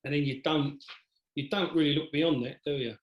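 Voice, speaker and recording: A man's voice: fairly high pitch, moderate pace, highs cut off. A man hosting an interview podcast, sympathetic, repeating himself and trailing off as he reacts. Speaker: podcast host. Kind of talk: interview conversation. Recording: roomy echo.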